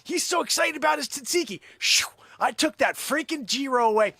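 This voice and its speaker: A man hosting a comic monologue, telling a story in an animated, exaggerated way. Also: very high-pitched, a little fast, creaky, no room sound. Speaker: host.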